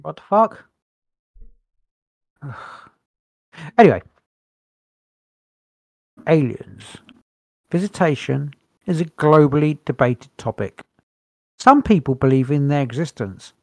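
A man's voice: a little high, animated, slow, long pauses, a little mellow, no room sound. A man co-hosting a podcast, reading notes aloud in a casual chat with wry, dry humour and the odd sigh. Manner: wry, dry humour, sighs between points. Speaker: podcast co-host.

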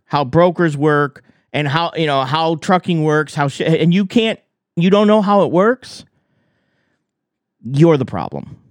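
A man's voice: high voice, clean tone, no echo. A man giving heated commentary on trucking, arguing with rhetorical questions. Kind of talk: reaction commentary.

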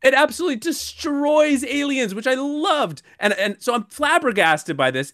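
A man's voice: extremely high pitch, normal speed, hardly any pauses, no room sound, clean studio sound. A man in his thirties co-hosting a podcast, telling a story in casual chat and getting worked up as he goes. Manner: animated storytelling, gets worked up. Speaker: podcast co-host.

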